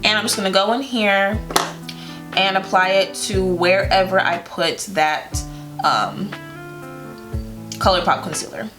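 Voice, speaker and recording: This young beauty vlogger's makeup tutorial is chatty and loose, sprinkled with fillers and small laughs, with guitar music behind her. Her medium-pitched voice keeps a measured pace broken by long pauses.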